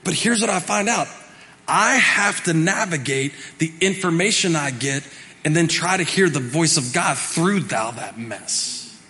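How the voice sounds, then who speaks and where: A male pastor giving a conversational sermon, shifting between loud emphasis and soft, quiet passages. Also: on the high side, expressive, a little slow, long reverb tail. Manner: conversational preaching with dramatic swings from loud to soft. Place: church sanctuary.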